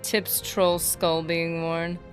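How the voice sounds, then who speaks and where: A woman's voice: lowish voice, level tone, takes it slowly, faint music behind. Bubbly woman streamer chatting with viewers. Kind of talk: casual livestream gaming chat.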